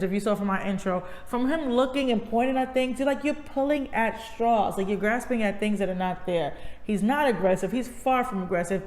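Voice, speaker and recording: A woman's voice: medium pitch, a little mellow, reverberant, long reverb tail, poor audio. A woman co-hosting a casual reality TV review, opinionated and emphatic. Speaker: co-host.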